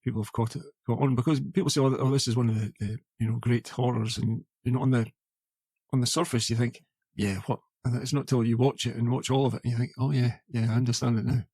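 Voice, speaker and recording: A man's voice: mid-range voice, flat delivery, fast, warm tone, husky, no echo. Rambling man on a podcast. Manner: rambling, many fillers and restarts. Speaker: podcast co-host. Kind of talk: casual film chat.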